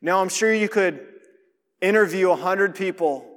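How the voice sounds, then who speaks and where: A man's voice: high-pitched, normal speed, fairly bright tone, big-room sound. A man giving a sermon as a pastor, speaking in a conversational, direct way and drawing the listeners in. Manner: conversational preaching, asks listeners to notice.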